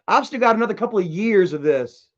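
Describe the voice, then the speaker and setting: Ranting from home on a livestream, a man with a high voice gets heated and profane while reading chat messages aloud. He's expressive, fast-talking, and a bit bright in tone. The casual rant comes through with dull, lo-fi stream audio.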